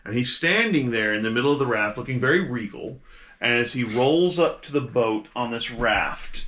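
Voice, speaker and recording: A man narrating as game master of a tabletop game, in a halting way with many restarts. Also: mid-range voice, expressive, a bit bright.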